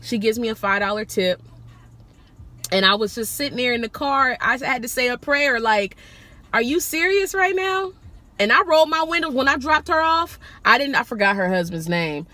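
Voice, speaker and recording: An animated woman tells a story straight to the camera in a loose, casual way. She is full of exclamations and swears freely as she describes a rideshare passenger. Her manner is lively. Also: on the high side, brisk. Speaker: rideshare driver telling stories.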